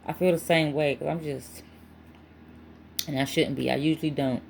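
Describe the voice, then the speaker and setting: A woman's voice: deep voice, steady tone, moderate pace, vocal fry, a little hiss or hum. A woman giving a casual spiritual tarot reading to her channel, chatty and emphatic, with frequent asides. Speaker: tarot reader.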